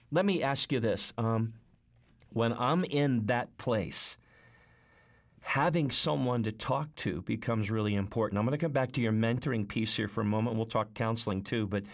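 A man hosting a faith radio show, asking questions in an empathetic, conversational way. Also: mid-range voice. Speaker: radio host. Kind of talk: faith-based radio interview.

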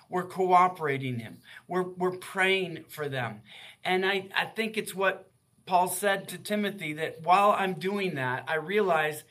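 An older man in his sixties with a high, bright, forward voice. He speaks as a guest author in a faith-based interview, earnest and heartfelt as he tells his stories.

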